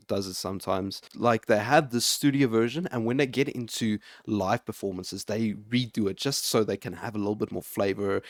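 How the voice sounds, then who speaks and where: A man's voice: lowish voice, no room sound, clean studio sound. A man, a metal vocalist, giving casual, effusive reaction commentary that keeps sliding into being overwhelmed. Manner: effusive and emotional, repeatedly overwhelmed. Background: faint music playing.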